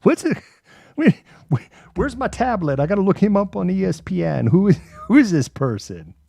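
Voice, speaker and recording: A man's voice: high voice, very animated, vocal fry, mellow, breathy edge, no room sound, studio quality, voice pushed up, heavily acted. A man putting on a flustered male football fan who keeps asking who a player is. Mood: baffled. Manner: flustered, rapid-fire questions.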